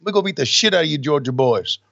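A man's voice: on the high side, expressive, vocal fry, a bit bright, no echo, highs cut off. A man putting on the voice of a boastful, profane male wrestler cutting a promo. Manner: boastful, profane, rapid-fire. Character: brash trash-talking male wrestler.

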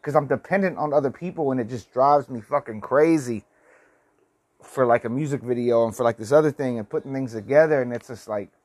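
A man's voice: medium pitch, a little fast, a little mellow. Man in his forties, rambling profane vlog storytelling, plain mid voice. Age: 40s. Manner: rambling, profane, lots of restarts. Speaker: vlogger.

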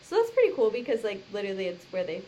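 A woman's voice: medium pitch, huge pitch swings, very fast, warm tone, lo-fi sound, a little hiss or hum. A woman co-hosting a podcast, recapping a movie in casual chat, laughing often and leaning on "literally". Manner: chatty, laughs often, says "literally" a lot. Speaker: podcast co-host.

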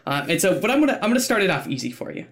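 A man's voice: high-pitched, very animated, very fast, a bit bright. A man hosting a casual interview podcast, eager and stumbling over his words at times. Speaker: podcast host.

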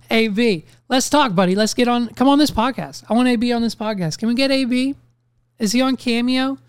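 A man's voice: very high voice, moderate pace, clean tone, no room sound. Profane, ranting young man hosting a podcast. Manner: ranting, profane, animated storytelling. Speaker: podcast host. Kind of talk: casual podcast monologue.

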